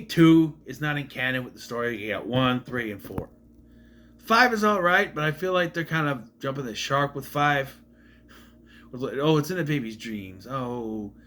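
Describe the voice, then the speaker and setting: A man's voice: mid-range voice, sharp tone. A man casually reviewing a film to camera, rambling, restarting his sentences and swearing bluntly. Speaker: movie reviewer.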